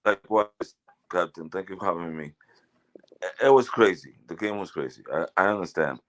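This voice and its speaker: A man's voice: deep voice, moderate pace. A man joining a sports livestream as a guest, chatting casually and apologizing for his language. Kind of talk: casual call-in chat.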